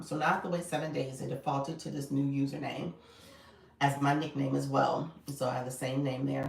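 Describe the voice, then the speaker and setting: A woman's voice: extremely low pitch, gravelly, darkish tone, roomy sound, recorded from a distance, rough recording. A woman coach chatting casually on a livestream, greeting viewers by name and laughing often. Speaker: live coach.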